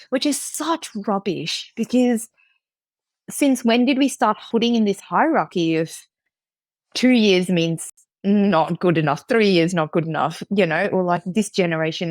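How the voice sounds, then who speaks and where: A non-binary podcast guest from India with an Australian accent, telling stories in an animated, cheeky conversational way. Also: medium pitch, dry recording. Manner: animated, cheeky storytelling with laughs. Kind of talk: casual conversation.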